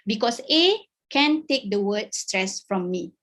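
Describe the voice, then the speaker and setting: A woman's voice: medium pitch, expressive, unhurried, a bit bright. A middle-aged woman with a Malaysian accent giving an encouraging talk over a video call, mixing English and Malay and checking in often with "okay?". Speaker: guest speaker. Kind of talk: webinar talk.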